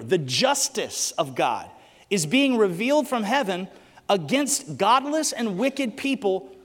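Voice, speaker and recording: Animated male preacher, high voice, joking storyteller, echoey church hall, faint music. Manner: animated, joking, asks the crowd questions. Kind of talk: sermon with humorous stories.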